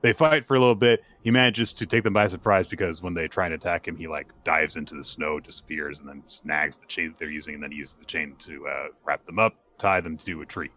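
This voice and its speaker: A man hosting a podcast, retelling a manga chapter in a casual, animated and playful way. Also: extremely low pitch, brisk, few pauses. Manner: animated, playful, acts out characters. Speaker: podcast host.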